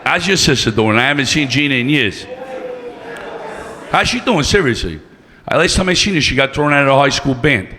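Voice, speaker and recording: A man's voice: medium pitch, sing-song, fairly quick, pauses often, pushed and bright. A man doing stand-up, brash and profane, teasing the crowd. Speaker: stand-up comedian. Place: comedy club stage. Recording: long reverb of a club room.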